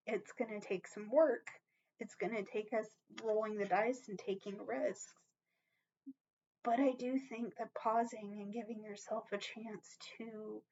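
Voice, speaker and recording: A woman giving a casual tarot reading to her viewers, chatty and reassuring, often checking in with a quick "okay?". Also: a little high, darkish tone, lo-fi sound. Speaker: tarot reader.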